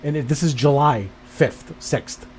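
A man's voice: medium pitch, measured pace, a little mellow, husky. A man on a podcast telling a profane, exasperated story and acting out the dialogue. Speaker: podcast host. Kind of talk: casual chat. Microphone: studio microphone.

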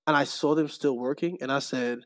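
A young man telling a story in casual chat, acting out the people in it with lively quoted voices. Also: mid-range voice, brisk. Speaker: podcast guest, streamer.

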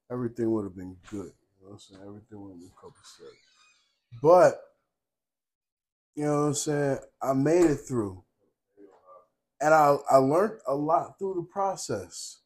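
Young male podcast co-host, casual and profane, constantly checks in with the listener, middle-range voice. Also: medium pitch. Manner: profane, streetwise storytelling with constant "you know what I'm saying"; gets loud and laughs when animated. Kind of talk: casual chat.

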